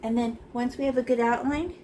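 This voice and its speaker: A woman's voice: on the high side, steady tone, a little fast, dark tone, a little hiss or hum, low-quality recording. A woman teaching a casual painting lesson, playful and chatty, tossing in silly sound effects as she works in a small art room.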